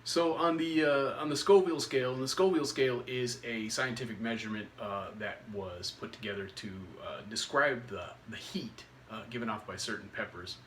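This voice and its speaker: Guy doing a casual food review vlog, halting and hesitant, average pitch, a little faint room hiss. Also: far from the mic. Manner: halting, hesitant delivery with many pauses. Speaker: food reviewer and channel host. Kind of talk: casual video commentary.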